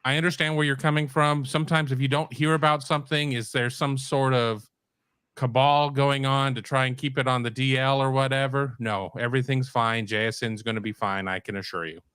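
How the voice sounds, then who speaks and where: A man's voice: mid-range voice, steady tone, a little fast, a bit bright, clean tone, no echo. A man co-hosting a sports podcast in casual chat, dropping wry, joking asides. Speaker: podcast co-host.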